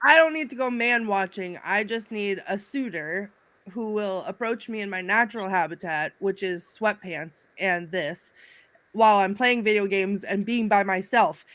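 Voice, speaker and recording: Dry, self-mocking woman with a bright voice. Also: medium pitch, normal speed. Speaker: co-host. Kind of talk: casual livestream chat.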